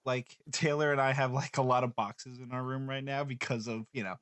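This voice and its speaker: A man's voice: medium pitch, little pitch movement, brisk, a bit bright, clean tone, no echo. Easygoing man, dry close sound. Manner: easygoing, frequent "you know". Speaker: podcast co-host. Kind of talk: casual chat.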